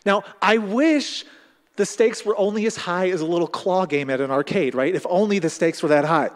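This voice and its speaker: A man's voice: high-pitched, normal speed. A male pastor giving a conversational, storytelling sermon to a congregation. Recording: long hall reverb.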